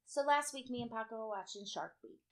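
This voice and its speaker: A woman co-hosting a casual chat, telling an animated story with heavy swearing and acted-out quotes. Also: a little high, a little fast.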